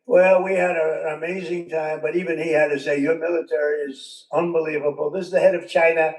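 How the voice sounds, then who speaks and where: In front of a crowd in a large venue, an older male politician talks fast in a slightly high, level voice, rambling and repeating with conversational asides. The mic is distant, leaving the sound roomy.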